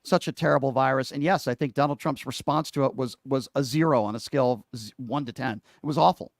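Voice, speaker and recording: A man's voice: mid-range voice, fast, no room sound. A man hosting a political talk radio show, questioning callers in a combative, sarcastic way on a studio microphone.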